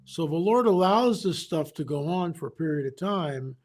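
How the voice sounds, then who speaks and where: A man as an interview guest, telling a story in an animated way, often restarting his sentences. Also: on the high side, normal speed. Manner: animated, re-enacts dialogue, frequent restarts.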